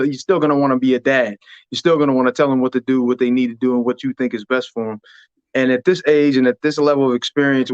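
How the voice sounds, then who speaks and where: A man who is a podcast guest, talking in a measured, rambling way. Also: mid-range voice, clear, resonant tone, no room sound, dull audio. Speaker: podcast guest, former boxer. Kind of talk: casual chat.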